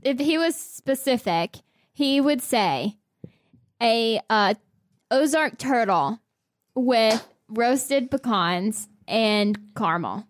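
A woman's voice: on the high side, expressive, no room sound. Giggly young woman, dry close mic. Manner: giggly, quick to interject. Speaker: podcast co-host. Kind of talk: casual chat.

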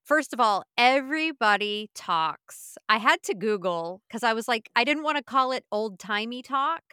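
Woman podcast co-host, bright crisp voice, dry close sound, chatty. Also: a little high, lively intonation, moderate pace, dry recording. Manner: chatty, laughs easily. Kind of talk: casual chat.

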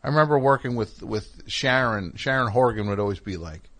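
A man's voice: medium pitch, lively intonation, a little fast, a bit bright. A middle-aged man hosting a call-in radio show, telling rambling, wry, self-deprecating stories and chatting with callers. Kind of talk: casual monologue and call-in chat.

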